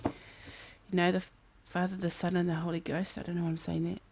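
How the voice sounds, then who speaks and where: Over a humming fan, a woman from New Zealand gives a casual tarot reading, musing aloud and occasionally singing bits of songs. Her low voice is flat, creaky and a little mellow with a breathy edge, and her pace is normal.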